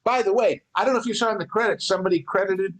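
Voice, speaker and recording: Man, podcast co-host, rambling anecdotes, casual film chat, slightly high voice. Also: racing, fairly bright tone.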